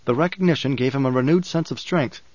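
A man narrating an audiobook in a measured, dramatic reading style. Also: mid-range voice, darkish tone, no echo. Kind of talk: scripted narration. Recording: dull, dry recording.

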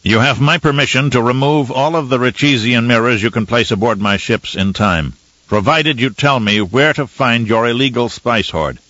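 A man's voice: mid-range voice, normal speed, sharp tone, no echo, lo-fi sound, lightly acted. A man reading an audiobook, voicing a stern male military commander who gives clipped orders. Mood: commanding.

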